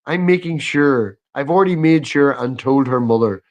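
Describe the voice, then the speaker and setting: A man's voice: mid-range voice, moderate pace, darkish tone, lo-fi sound. A man chatting as a guest on a live stream, stammering when he gets going and swearing casually. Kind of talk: casual chat.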